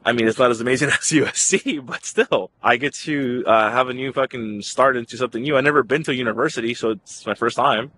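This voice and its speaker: A young man from Los Angeles rants into his own vlog, cursing constantly and worked up. His voice sits at an ordinary middle pitch. Faint background noise hums under the recording. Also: quick pace, hardly any pauses, bright, forceful tone. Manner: profane, fired-up, swears constantly. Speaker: vlogger. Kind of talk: casual vlog rant.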